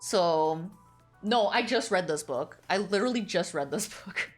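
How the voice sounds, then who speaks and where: A woman streamer chatting casually, animated and giggly, who swears freely as she retells a story. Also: fairly low pitch, measured pace, faint music behind. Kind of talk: casual chat.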